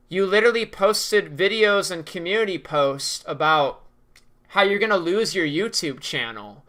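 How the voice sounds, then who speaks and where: A man's voice: sits high, lively intonation, moderate pace, sharp tone. A young man ranting in a commentary vlog, sarcastic, profane and mocking. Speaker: video creator.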